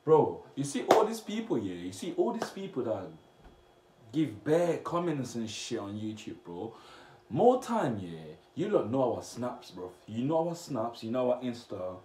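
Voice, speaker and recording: A young man from Cameroon, chatting casually as he reacts to comments on his vlog, blunt and slangy with sudden loud outbursts. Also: medium pitch, sing-song, measured pace. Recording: echoey room with faint noise.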